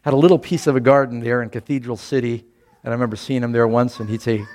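An older man preaches in an easygoing, conversational way and weaves a personal story into the sermon. He speaks at a moderate pitch and pushes up louder and higher whenever he quotes scripture or other people. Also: quick pace. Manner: conversational, rising loudly for quoted scripture and speech. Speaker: pastor.

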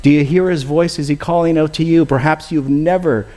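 A man's voice: on the high side, fairly even intonation, brisk, darkish tone. A man preaching a sermon and leading a closing prayer, earnest and pleading, often calling his listeners friends.

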